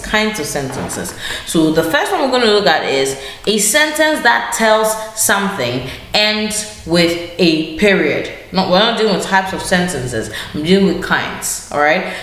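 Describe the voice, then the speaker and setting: Teaching grammar online through a shared screen, a woman speaks in a lowish, fairly bright voice. She stays patient, repeating key phrases and correcting herself mid-lesson. The recording has an echo and faint background noise.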